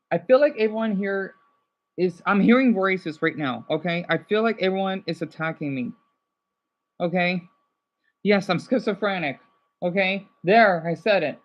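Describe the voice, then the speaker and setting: Agitated, apologetic man on a livestream. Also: high voice. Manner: agitated, rambling, quick to apologize. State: upset and burnt out. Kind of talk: casual livestream talk.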